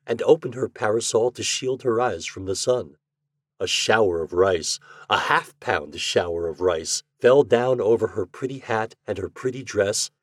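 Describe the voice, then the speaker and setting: A man hosting a podcast, reading classic fiction aloud in a measured, expressive way. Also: fairly low pitch, no echo, clean studio sound. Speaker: podcast host and reader.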